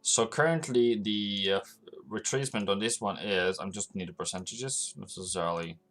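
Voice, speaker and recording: Male streamer, low-ish voice, loose unscripted market commentary with clicking keys. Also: moderate pace, fairly bright tone. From Norway. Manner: loose and rambling, talking to chat while working through charts. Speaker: forex trading livestream host.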